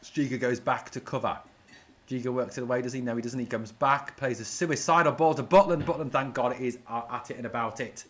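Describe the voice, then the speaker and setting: A man hosting a fan watch-along stream, giving casual live commentary and reading out viewers' comments, getting excitable when his team attacks. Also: medium pitch, fairly quick.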